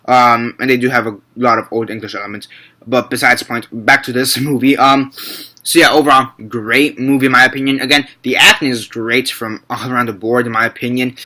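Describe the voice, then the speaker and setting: A man's voice: mid-range voice, steady tone, fairly quick, sharp tone. A young man giving a casual, rambling movie review, repeating and correcting himself and swearing freely.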